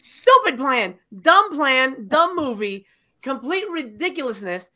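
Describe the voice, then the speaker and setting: A woman's voice: high-pitched, big pitch swings, slow pace, bright, forceful tone. Woman ranting on a podcast about a dumb movie ending, swears a lot, mocks the scenes. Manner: exasperated, profane, acts out scenes in mocking voices. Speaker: podcast co-host reviewing a movie. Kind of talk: casual podcast chat.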